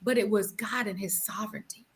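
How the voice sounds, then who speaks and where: A woman guest telling the story of her marriage with animation and feeling, calling her listener "girl" and dropping to hushed tones at solemn moments. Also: mid-range voice, steady tone, fairly quick. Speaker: guest sharing her testimony. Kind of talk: emotional personal storytelling.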